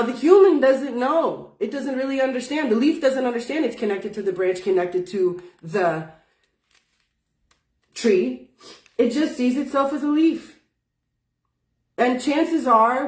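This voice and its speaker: A woman's voice: fairly high pitch, far from the mic. A woman teaching spiritual wellness in casual talk, folksy and emphatic, swearing freely. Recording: roomy sound from off-mic.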